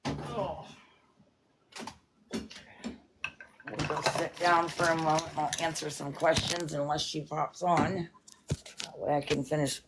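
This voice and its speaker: Speaking slowly in a low, steady voice, she pauses often while chatting casually on a livestream from her kitchen at home. Her talk runs in long, rambling stretches full of "it's like," and there's background noise.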